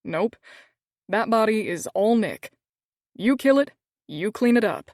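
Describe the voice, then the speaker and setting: A woman voicing an easygoing young man who is soft-spoken, casual and joking, in a storybook reading. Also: medium pitch, animated, a little slow, no echo, clean studio sound. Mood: teasing.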